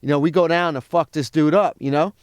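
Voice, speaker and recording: A man's voice: a little high, a little fast, smooth, no room sound. A man, a comedian guest telling a profane story in casual chat and acting out what others said. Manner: animated, profane, acts out other people's lines.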